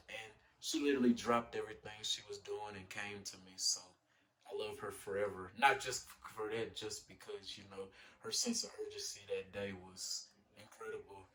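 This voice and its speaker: A young man telling a personal story in a casual vlog, animated, with lots of fillers and acted-out quotes. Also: fairly low pitch, moderate pace, recorded from a distance. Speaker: vlogger.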